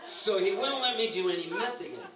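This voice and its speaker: A man in his sixties tells lively stories at a roast and acts out what others said, laughing as he goes. His voice sits fairly high for a man. He is recorded from a distance in an echoey bar with steady background noise. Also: brisk. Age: 60s. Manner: animated, laughing storyteller who acts out quotes. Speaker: roast speaker. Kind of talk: storytelling tribute at a live roast. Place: bar with a live audience.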